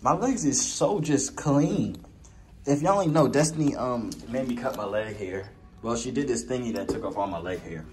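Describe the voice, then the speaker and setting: A man's voice: mid-range voice, animated, normal speed. A young man casually vlogging on a trip, playful and talking straight to his viewers. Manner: playful, joking, addresses viewers directly. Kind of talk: casual travel vlog. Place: airport and hotel room while traveling. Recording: handheld camera with clear background noise.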